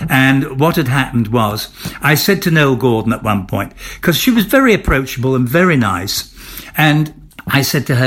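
A man's voice: medium pitch, expressive, normal speed, a bit bright. An older man, an actor, telling stories in an interview, theatrical and amused, often repeating and restarting his words. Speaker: interview guest, former soap actor. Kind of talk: candid anecdotal chat.

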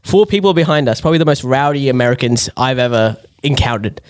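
A man co-hosting a casual chat podcast, an animated storyteller who acts out the people he quotes and laughs often. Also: medium pitch, fast talker, dry recording. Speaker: podcast co-host.

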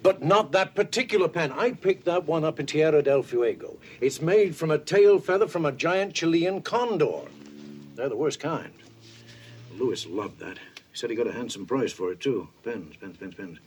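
An actor playing a pompous eccentric antique collector in a TV episode, fussy and wistful. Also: male voice, a little high, lively intonation, normal speed, a little hiss or hum, close to an everyday voice.

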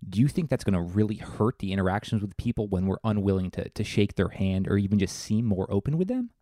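A man's voice: lowish voice, animated, fast, mellow, dry recording, clean studio sound. A man hosting a podcast interview, asking questions with small restarts. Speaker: podcast host.

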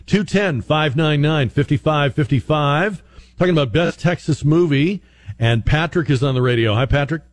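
A man's voice: fairly high pitch, moderate pace. A man hosting a radio call-in show, chatty and rambling, with plenty of ums and restarts. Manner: chatty, rambling, many fillers. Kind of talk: casual talk radio.

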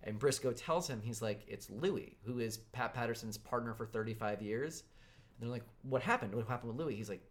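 A man's voice: mid-range voice, fairly quick. A man hosting a podcast, casually retelling a backstage story with quoted dialogue. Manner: recounts stories with quoted dialogue. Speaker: podcast host.

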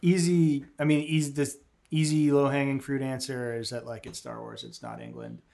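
Male podcast co-host, mid pitch, casual and self-deprecating, trails off. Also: lively intonation, moderate pace, vocal fry, dark tone. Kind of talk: casual fan podcast discussion.

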